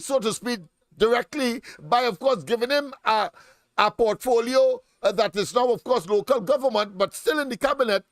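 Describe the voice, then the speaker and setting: High-voiced man, halting commentary. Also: no echo. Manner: halting, full of "uh" and "of course" fillers. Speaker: political commentary host. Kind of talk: solo political commentary.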